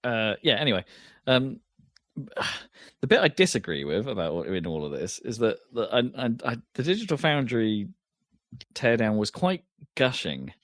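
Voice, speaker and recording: A man's voice: medium pitch, big pitch swings, normal speed, fairly bright tone, no room sound, studio quality. A man co-hosting a podcast in casual chat, rambling with lots of restarts and fillers. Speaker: podcast co-host.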